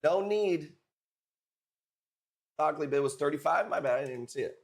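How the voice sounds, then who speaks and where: A man's voice: fairly high pitch, very fast, gravelly. A man streaming live, chatting casually with viewers and joking in a brash, profane way.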